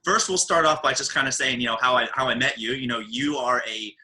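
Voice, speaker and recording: An American man from Baltimore, hosting a podcast in casual, jokey chat with big pitch swings. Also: a little fast, bright, forceful tone, poor audio. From Baltimore, USA. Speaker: podcast host.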